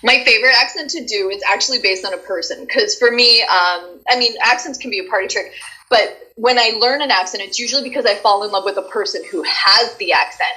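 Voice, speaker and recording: A woman who works as a voice actress, chatting as a guest and telling stories in an effusive, animated way. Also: medium pitch, fairly quick, poor audio. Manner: animated storyteller, effusive, many restarts. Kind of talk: casual interview chat.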